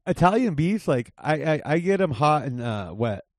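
A man's voice: on the high side, sing-song, normal speed, no echo, studio quality. Laid-back man chatting over a call. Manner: laid-back, laughs often, swears casually. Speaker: comedian guest. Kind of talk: casual chat. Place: home. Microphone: remote call.

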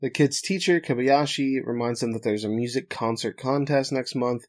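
A man's voice: mid-range voice, a little mellow. Man, mid-range voice, podcast host, plot recap, laughs often. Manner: narrates plot, then jokes and laughs. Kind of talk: casual recap chat.

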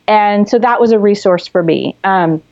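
A woman therapist talks a listener through calming techniques in a gentle, explanatory manner, often restarting her sentences. Her voice sits at an ordinary pitch. The audio is a little dull and muffled. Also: moderate pace. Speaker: therapist guest. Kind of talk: conversational teaching.

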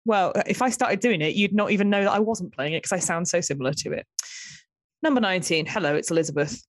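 A woman's voice: mid-range voice, expressive, quick pace. A woman with a northern English accent from Hull, co-hosting a podcast in casual chat with jokey, self-mocking asides. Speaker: podcast co-host.

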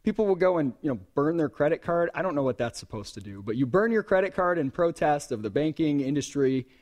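A man giving a live conference talk in a hall, animated and joking with the audience between points. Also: on the high side, fast talker. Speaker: conference speaker.

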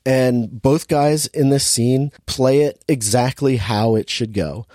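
A man casually recaps a movie's plot, rambling loosely and leaning on filler words. His voice sits at an ordinary middle pitch with a dark tone, moving at normal speed with hardly any pauses. The recording is close and dry, with no room sound.

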